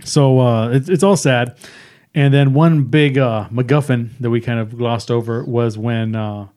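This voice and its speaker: A man in casual podcast chat, rambling as he recaps a film and slipping into characters' lines. His voice sits in an ordinary middle pitch. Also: steady tone, measured pace, a little mellow.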